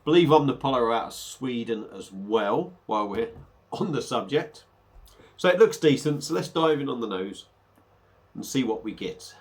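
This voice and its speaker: A man's voice: medium pitch, lively intonation, moderate pace. A man talking casually through a beer review, a little under the weather, rambling with hesitant fillers.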